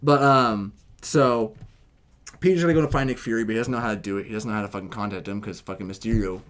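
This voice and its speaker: A young man co-hosting a casual movie review, excitedly retelling the plot with a lot of swearing. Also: on the low side, rapid-fire. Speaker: podcast co-host.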